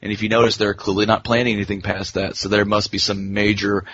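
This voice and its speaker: A man with a husky voice chatting casually on a podcast, quick and joking. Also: on the low side, level tone, fairly bright tone, no echo. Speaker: podcast co-host. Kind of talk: casual chat. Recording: dull lo-fi sound.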